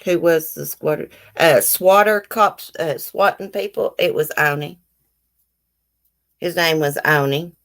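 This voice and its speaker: Low-voiced Southern woman chatting bluntly. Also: measured pace, pauses often. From American South. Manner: blunt, frank, swears. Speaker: YouTube live stream host. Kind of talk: casual chat reading live comments.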